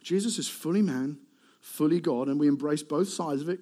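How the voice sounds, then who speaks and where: A middle-aged male preacher giving a sermon, animated, asking rhetorical questions and swinging between loud emphasis and soft asides. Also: a little high, normal speed.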